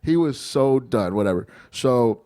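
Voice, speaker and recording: A male comedian tells a road story on his podcast. His delivery is casual, animated and full of swearing. His voice sits at an ordinary middle pitch for a man, and he often breaks into quick impressions of the people involved. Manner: profane, animated storyteller who acts out quoted people.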